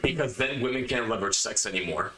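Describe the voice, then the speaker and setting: A man's voice: on the low side, quick pace, echoey room, a crowd in the background, low-quality recording. A man hosting a podcast, lecturing his listeners emphatically and hammering his points home by repeating them. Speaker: podcast host. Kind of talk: opinionated podcast monologue.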